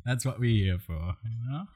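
A man's voice: mid-range voice, darkish tone, slightly rough. A young man co-hosting a podcast in casual chat, teasing his co-host with dry jokes and laughing often.

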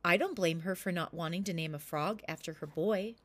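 A woman's voice: lowish voice, a little fast, dry recording, close to an everyday voice. A woman voicing an earnest, touchy young boy in a storybook who insists he was listening. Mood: insistent. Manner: insistent, a bit cross.

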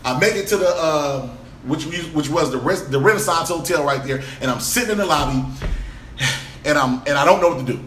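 A man on a podcast, telling a story in an animated, profane way and laughing as he goes. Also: a little high, a little fast, echoey room, a little hiss or hum. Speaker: podcast guest. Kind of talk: storytelling, casual chat.

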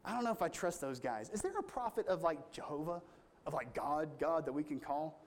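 A man's voice: a little high, lively intonation, brisk. A preacher doing a wary, hesitant old king. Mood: uneasy. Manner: hesitant, hedging with fillers.

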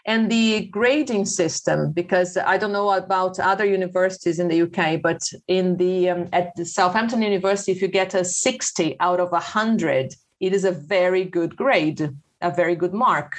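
A woman's voice: on the low side, normal speed. A Brazilian woman in her forties, a native Portuguese speaker and English teacher, answering thoughtfully with frequent fillers. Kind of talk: casual conversational interview.

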